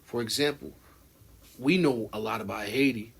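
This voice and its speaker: A man's voice: fairly low pitch, normal speed, creaky, fairly bright tone, husky. A young American man co-hosting a podcast, talking loosely with slang, fillers and restarts. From United States. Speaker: podcast co-host. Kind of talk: casual podcast chat.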